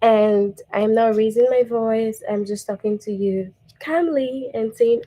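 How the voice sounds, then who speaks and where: A woman's voice: a little high, a little slow, dark tone, rough recording. A woman teacher giving a patient grammar lesson to young children, checking in with "okay?" and reading example sentences aloud.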